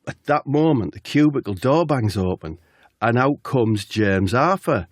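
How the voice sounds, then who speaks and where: A man co-hosting a podcast who tells a rambling, absurd comic story in a deadpan way. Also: mid-range voice, measured pace, no echo. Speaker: podcast co-host.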